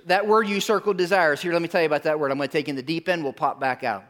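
A man preaching a sermon in a church, emphatic, drawing in the congregation with questions and pauses. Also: a little high, fairly even intonation, fairly bright tone. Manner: emphatic, calls for audience response, dramatic pauses. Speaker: pastor. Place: church sanctuary.

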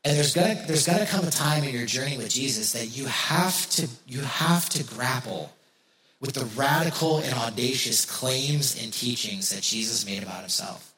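A man's voice: mid-range voice, normal speed, pushed and bright, reverberant, poor audio. A man preaching a sermon in a conversational way, repeating key phrases for emphasis. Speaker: pastor.

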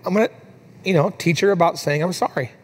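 Pastor, man, 30s, slightly high voice, chatty sermon delivery with fillers, climbs higher when moved. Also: fast. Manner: conversational storytelling with fillers, rising higher and softer in emotional moments.

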